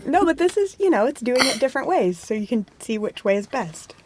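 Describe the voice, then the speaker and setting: A woman's voice: fairly high pitch, very animated, a little fast, background noise. A woman voice actor in wry, casual chat between takes, complaining and joking. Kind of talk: casual studio outtake chat.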